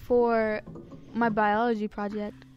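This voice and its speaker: A woman's voice: medium pitch, level tone, measured pace, lo-fi sound, over music. A woman chatting casually on a podcast, telling a story and giggling. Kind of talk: casual chat.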